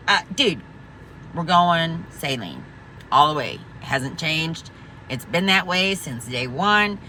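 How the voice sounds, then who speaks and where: A woman's voice: sits low, lively intonation, slow pace, bright, forceful tone, a little hiss or hum. A woman vlogging an angry, profane rant, emphatic and rambling, full of restarts. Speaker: veteran vlogger.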